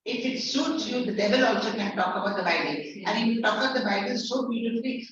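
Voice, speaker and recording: A woman's voice: fairly high pitch, fast, hardly any pauses, a crowd in the background. A woman tutor teaching literature in an online class, explaining each line and repeating key words. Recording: echoey, distant, muffled lecture audio.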